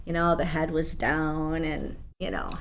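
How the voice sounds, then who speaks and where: Female guest, slightly low voice, enthusiastic storyteller, chatty interview. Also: unhurried, gravelly, a little hiss or hum. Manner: enthusiastic storyteller, frequent "you know" and laughs. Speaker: guest, program coordinator. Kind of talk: casual interview.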